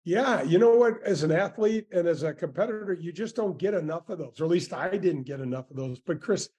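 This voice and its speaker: Man in his sixties telling stories, mellow. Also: a little high, a little fast, husky. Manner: animated storyteller with many restarts and "man" asides. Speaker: former tour golfer, guest. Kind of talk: storytelling interview answers.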